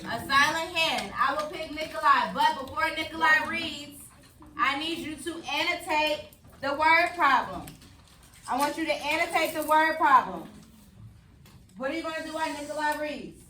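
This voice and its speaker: A woman's voice: high voice, moderate pace, sharp tone. A woman teaching a class of children, with a firm, commanding way of talking, leading call-and-response chants. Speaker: elementary school math teacher. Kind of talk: classroom instruction. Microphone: distant camera mic. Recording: echoey classroom, far from mic, noisy.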